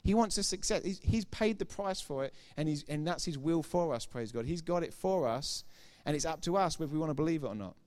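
Man, middle-aged, pastor, sermon, emphatic, repetitive, chatty asides, somewhat high voice. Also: animated, a little fast, few pauses, a little mellow. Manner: emphatic, repeats key phrases for effect; chatty, informal asides to the congregation.

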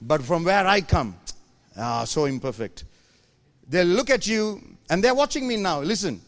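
A pastor preaching a sermon in a church, animated and playful, acting out his congregation's voices and teasing the crowd. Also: high-pitched, a little slow.

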